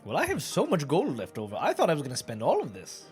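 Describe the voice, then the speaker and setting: A player at a tabletop game whose voice swoops wildly up and down, full of quick questions and laughter-ready chatter. Soft music sits under the talk. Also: mid-range voice, huge pitch swings. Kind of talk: casual game play.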